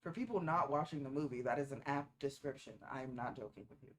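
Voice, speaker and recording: A fast-talking woman with a bass voice streams herself watching a movie and tosses out casual reaction commentary. She's playful and teasing, picking at small details.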